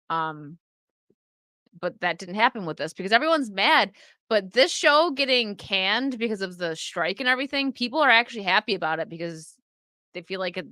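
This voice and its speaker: A woman's voice: medium pitch, sharp tone, dry recording. A young adult woman casually chatting on a live stream, reading and answering viewer comments with lots of fillers.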